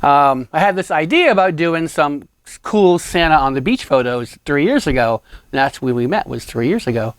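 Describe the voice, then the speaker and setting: A photographer hosting a casual chat, speaking with a New England accent and laughing often. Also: male voice, a little high, lively intonation, moderate pace, smooth, no echo, studio quality. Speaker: host, photographer.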